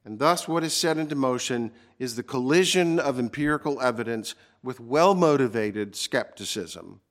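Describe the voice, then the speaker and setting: A man preaching a sermon, earnest and emphatic, slowing down to stress key words. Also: mid-range voice, animated. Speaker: pastor.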